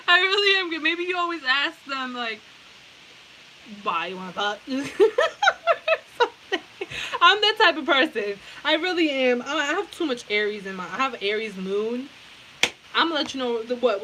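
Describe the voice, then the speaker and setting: A woman's voice: mid-range voice, rough recording. A woman giving a casual pick-a-card tarot reading. She talks bluntly, swears freely and often breaks into laughter. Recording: steady background hiss.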